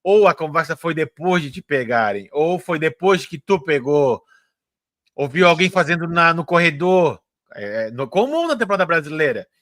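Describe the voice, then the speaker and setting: Male host, bright, slightly high voice, chatty questions, dry close sound. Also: animated, no echo. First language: Portuguese. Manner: chatty, quick-firing questions. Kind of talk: casual live interview.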